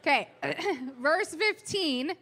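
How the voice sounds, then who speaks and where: A woman in her thirties preaching a sermon, telling candid self-mocking stories with fillers, clearing her throat from a cold. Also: sits high, lively intonation, slow pace, sharp tone.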